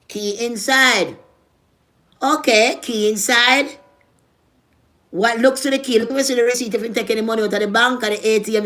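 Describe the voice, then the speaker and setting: A woman with a Jamaican accent tells a personal story to her viewers in casual vlog style. Her voice sits a little high for a woman. She talks bluntly with heavy swearing and swings between loud, punchy moments and quiet asides. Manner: animated, blunt and profane, swings loud and soft. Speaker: vlogger.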